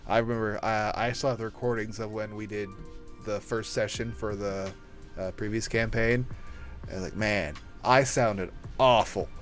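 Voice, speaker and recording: A man's voice: on the low side, level tone, normal speed, faint music behind. A man hosting a casual podcast chat, teasing his guest and laughing often. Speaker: host.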